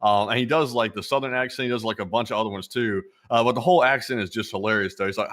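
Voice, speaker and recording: A young man in casual livestream talk, thanking donors and rambling along with many fillers. His voice sits at an ordinary middle pitch, easygoing and unhurried. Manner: relaxed, rambling, filler-heavy. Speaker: co-host reading donations.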